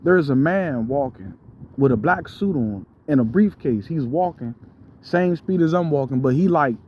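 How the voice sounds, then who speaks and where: A man's voice: on the high side, lively intonation, moderate pace, lo-fi sound, slight background noise. A man telling a spiritual testimony in a casual, slangy way, calling his listeners bro. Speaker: storyteller giving a spiritual testimony.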